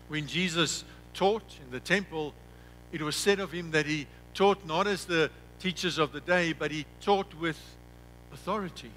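A man preaching a sermon as pastor, who slows down and drops his voice on key words and repeats himself when telling a story. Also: a little high, bright, forceful tone, a little hiss or hum, poor audio.

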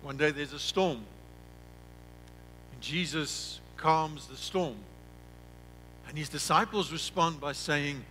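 A man preaching a sermon as pastor, who slows down and drops his voice on key words and repeats himself when telling a story. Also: fairly high pitch, pushed and bright, slight background noise, rough recording.

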